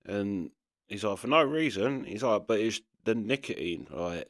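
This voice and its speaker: Male reaction host, very low voice, casual storytelling, dry mic. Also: animated, a little slow, a bit bright, no room sound. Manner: casual, retells an anecdote, chatty. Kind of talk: reaction commentary.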